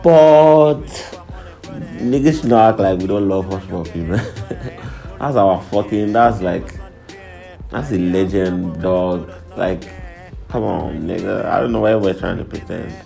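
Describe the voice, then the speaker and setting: A man's voice: low-pitched, a little slow, gravelly, dark tone. A young man hosting a profane, irreverent comedic monologue, laughing between lines. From Nigeria. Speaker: host. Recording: faint background music.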